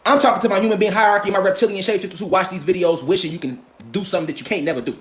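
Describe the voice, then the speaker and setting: A man delivering a profane, animated monologue, mocking and heated, full of rhetorical questions. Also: high-pitched, very fast. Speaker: host of a lecture channel.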